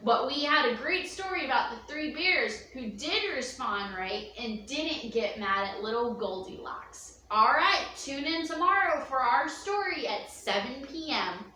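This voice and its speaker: Expressive woman reading a children's story. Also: slight background noise. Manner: expressive, slow, with gasps and sweeping pitch. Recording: echoey room, distant mic, faint ambience.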